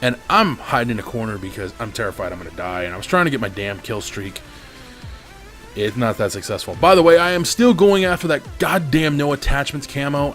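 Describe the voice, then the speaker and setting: A man rants through his gameplay commentary, swearing and venting his frustration. His voice sits in a middle range. Faint music plays underneath. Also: mid-range voice. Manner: profane, venting, angry. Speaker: gaming commentator.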